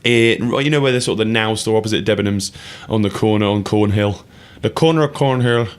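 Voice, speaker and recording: A man's voice: lowish voice, a little fast, smooth. A young man co-hosting a casual radio show, rambling enthusiastically and laughing often. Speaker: radio co-host.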